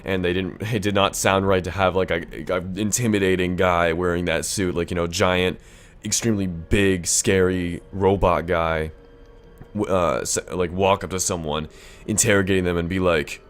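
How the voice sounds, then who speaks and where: A man's voice: low-pitched, fairly even intonation, normal speed. A man giving casual gameplay commentary in a chatty, joking, rambling way. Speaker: gaming YouTuber.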